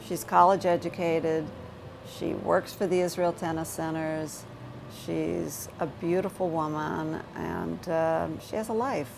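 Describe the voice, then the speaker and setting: A woman speaking earnestly in a documentary interview, halting often with fillers. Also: deep voice, vocal fry, a little hiss or hum, poor audio.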